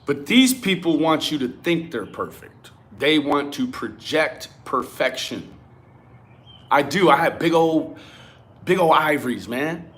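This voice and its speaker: A man with a high, light voice and a twang rants straight at his viewers, swearing freely. He talks in an animated, worked-up way, jumping between asides and jabs. His delivery is loose, blunt and full of attitude. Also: unhurried. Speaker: commentary vlogger. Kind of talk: profane ranting commentary.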